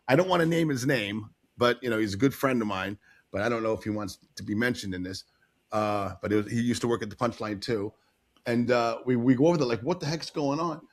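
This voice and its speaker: A man swaps stories in casual podcast conversation, his voice sitting at an ordinary middle pitch. He acts out what people said as he goes and often breaks into laughter. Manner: animated storytelling, acting out quotes, frequent laughs. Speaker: guest storyteller.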